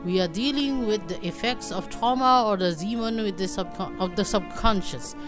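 A woman voicing a serious older male doctor in a game, reading his lines gravely with a put-on accent. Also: medium pitch, moderate pace, over music, pitched above the performer's own voice, natural voice.

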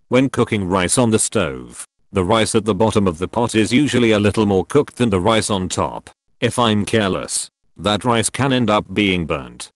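Lively low-voiced man narrating. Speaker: narrator reading forum posts. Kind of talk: scripted narration. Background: faint background music.

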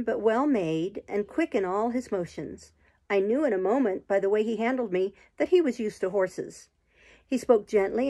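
A woman reading a classic novel aloud in slow, measured storybook narration. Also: a little high, a little mellow. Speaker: audiobook reader.

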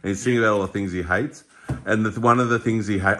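A man's voice: fairly low pitch, fairly even intonation, quick pace, a bit bright. An Australian man in his forties, chatting casually and telling stories, laughing often and acting out voices. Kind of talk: casual chat.

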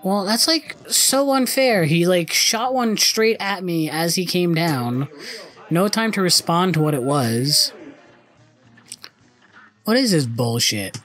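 A man's voice: high voice, lively intonation, slow pace, a bit bright, faint music behind. A young man commenting on his own gameplay, frustrated and cursing often. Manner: frustrated, swearing, muttering.

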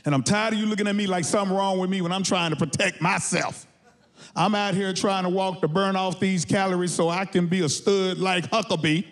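High-voiced stand-up comic man. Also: brisk. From Texas. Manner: animated storytelling with shouted punchlines. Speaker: stand-up comedian. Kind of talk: stand-up comedy set. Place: studio stage with a live audience.

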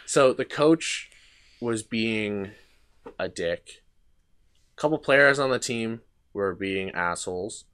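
A young man with a lowish, fairly bright and clean voice hosts a podcast, speaking slowly and expressively with long pauses. He rambles through a long, casual anecdote full of restarts, fillers and swearing.

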